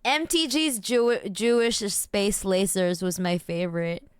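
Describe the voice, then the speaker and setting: A woman's voice: mid-range voice, a little slow, clean tone, no room sound, clean studio sound. A woman streamer chatting casually, reacting to news and her chat with giggles and mock outrage.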